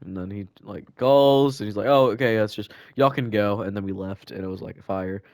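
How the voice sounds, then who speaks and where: A man's voice: on the low side, steady tone, normal speed, darkish tone, dry recording, clean studio sound. Rambling, laughing young guy telling school stories. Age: teens. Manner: rambling, laughing, lots of fillers and restarts. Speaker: podcast co-host. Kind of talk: casual storytelling chat.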